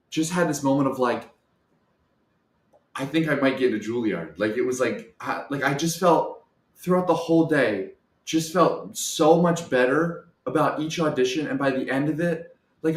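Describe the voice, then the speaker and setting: A young man with a medium-pitched voice tells a personal story as a guest storyteller, full of energy. He performs every voice in the tale, sinking to soft asides and rising to full shouts, in an echoey room.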